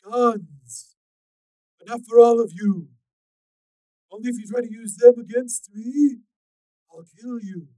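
A man voicing a menacing cyborg man with glowing red eyes in an audiobook, giving slow, loud, threatening commands. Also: very high voice, dry recording, pitched above the performer's own voice, poor audio. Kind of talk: audiobook character voice.

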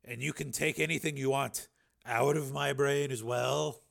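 A man's voice: on the high side, animated, quick pace, creaky, pushed and bright, voice pushed up, full character voice. A man voicing a bitter, wary police lieutenant who speaks tensely and with dry sarcasm. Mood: alarmed. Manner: tense, sardonic.

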